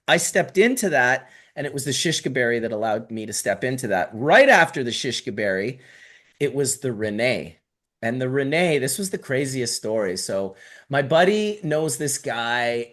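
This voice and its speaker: Rambling middle-aged man telling stories. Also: mid-range voice. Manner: rambling, profane, lots of fillers and restarts. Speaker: podcast guest. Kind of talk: storytelling in casual conversation.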